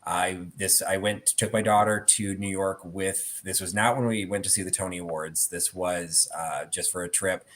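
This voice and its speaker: Low-voiced man telling a rambling story. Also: steady tone, moderate pace, few pauses, a bit bright. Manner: rambling storyteller with many fillers. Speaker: host. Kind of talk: casual chat about theatre collectibles.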